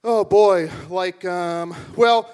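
An actor playing a goofy, boastful tavern regular who rambles in absurd, deadpan tangents in live improv comedy. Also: male voice, high voice, drawn-out words, smooth.

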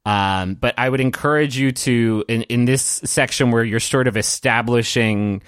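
A man narrating as game master of a tabletop game, halting and full of fillers. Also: mid-range voice, a bit bright, clean tone, no room sound, clean studio sound.

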